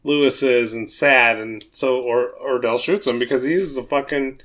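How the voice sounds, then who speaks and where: A male podcast co-host talks through a film casually and profanely, acting out the characters as he goes. His voice sits at an ordinary middle pitch. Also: moderate pace. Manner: profane, animated retelling with acted-out quotes. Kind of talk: casual movie-discussion chat.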